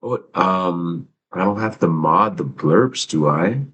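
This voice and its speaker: A man with a low voice talks slowly on his own live stream, rambling, swearing casually and muttering to himself as he fixes his stream audio. His tone is fairly bright, though the highs are cut off and there's a little hiss or hum.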